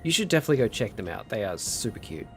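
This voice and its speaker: Speaking very fast at a fairly low pitch, a young man streams a game over soft background music. He chats casually, tells lively stories, and reads chat out loud.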